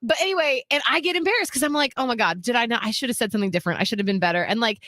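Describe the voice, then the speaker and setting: A woman's voice: on the high side, racing, pushed and bright, no echo. A woman who hosts radio and co-hosts a podcast, talking in a casual, blunt, self-deprecating way. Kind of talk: casual chat.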